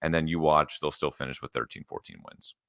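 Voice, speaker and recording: A man hosting a sports podcast in casual chat, laid-back, running through lists with quick quips. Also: rumbling low, lively intonation, creaky, a bit bright, no echo, studio quality. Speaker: podcast host.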